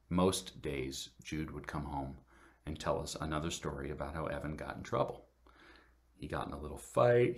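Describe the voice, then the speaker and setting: A middle-aged man telling a personal story to a congregation, halting, with many fillers and restarts. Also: extremely low pitch. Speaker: guest speaker at church service.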